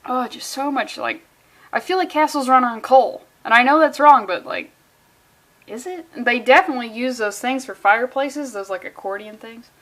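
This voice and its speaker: A woman's voice: on the high side, lively intonation, moderate pace, a bit bright. A woman reviewing a comic book in a casual vlog, rambling off on sarcastic tangents and swearing often.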